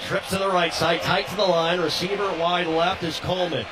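A man with a high voice calling college football play-by-play over steady background noise. He runs quickly through formations and names, then shouts when a big play breaks. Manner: rapid, rising to shouts on big plays. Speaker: play-by-play announcer.

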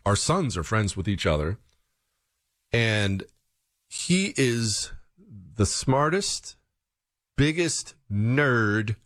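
A man's voice: lowish voice, a bit bright, dry recording, clean studio sound. A man delivering an opinion monologue to his listeners, full of rhetorical questions and mock-quoted voices. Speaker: political commentator.

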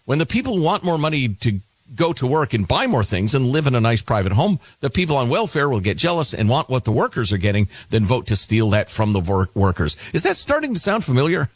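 A middle-aged man hosts a radio talk show, working through listener mail with quick, wry commentary. His voice is a bit husky and moves around a lot in pitch. The sound is dry and close. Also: big pitch swings, no echo. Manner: wry, quick, reads emails aloud with asides.

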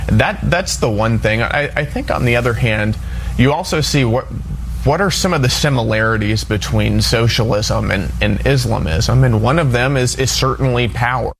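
A man talking on a radio show, halting and restarting his words. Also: medium pitch, vocal fry, slight background noise. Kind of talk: talk radio conversation.

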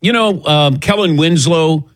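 A man's voice: a little high, a little slow, no room sound. An older man hosting a sports talk show, chatting casually and telling a self-mocking story, acting out the quotes. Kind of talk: casual radio show chat.

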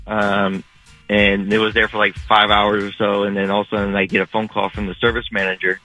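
A man's voice: fairly low pitch, monotone, brisk, pushed and bright, faint music behind, low-quality recording. A man calling in to a radio show, telling a story in a rambling way full of fillers. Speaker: caller. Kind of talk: telling an anecdote on call-in radio.

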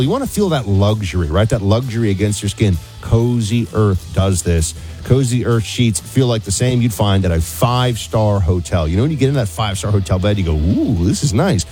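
A middle-aged man co-hosting a political talk radio show, bantering with jokes and emphatic asides and reading an ad. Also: medium pitch. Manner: animated, jokey, emphatic asides, mock accents. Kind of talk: casual talk radio banter and host-read ad.

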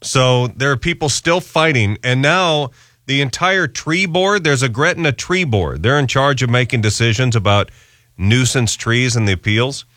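A man's voice: normal speed, dry recording, clean studio sound. A man hosting a radio show, telling a story in casual chat and acting out other people's voices. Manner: animated storyteller, acts out squeaky voices. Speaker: radio host.

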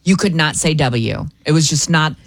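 A woman's voice: deep voice, animated, moderate pace, creaky, no echo. A woman from Chicago co-hosting a morning radio show, chatting with opinions on speech and broadcasting. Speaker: radio host. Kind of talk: casual morning radio chat. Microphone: studio microphone.

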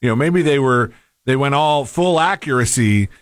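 A man's voice: medium pitch, moderate pace, no room sound, clean studio sound. A man co-hosting a talk radio show, chatting in an easygoing, rambling way. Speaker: radio co-host. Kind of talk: casual talk radio chat.

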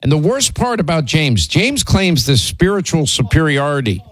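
A man's voice: fairly high pitch, very animated, normal speed, dry recording, poor audio. A man hosting a talk show, telling rambling stories and teasing his co-host, with many restarts and fillers. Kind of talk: casual on-air storytelling.

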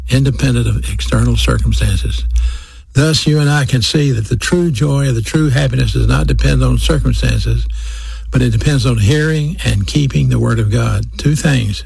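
Very gravelly, husky male preacher. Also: medium pitch, darkish tone, no echo. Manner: emphatic, repeats key phrases for stress; addresses listeners directly. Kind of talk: sermon.

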